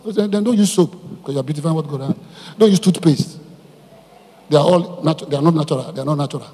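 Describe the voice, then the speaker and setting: A male pastor preaching with lively energy and often turning to his congregation with questions. His voice sits a little high and has a husky edge. A long church reverb trails behind every line. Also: quick pace. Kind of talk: sermon. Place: church hall.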